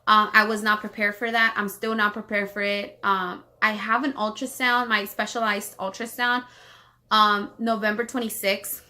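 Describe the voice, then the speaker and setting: A woman from Los Angeles telling a personal story on her vlog, rambling fast with many fillers and restarts while holding back tears. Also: mid-range voice, level tone, sharp tone. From Los Angeles, United States. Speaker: vlogger.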